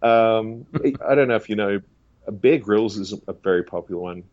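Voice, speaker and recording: A man's voice: fairly low pitch, a little mellow, no room sound. A man talking casually in an interview about the voices he does, laughing often and slipping into impressions. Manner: breaks into quick celebrity and preacher impressions, laughs often. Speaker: impressionist guest. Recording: dull lo-fi sound.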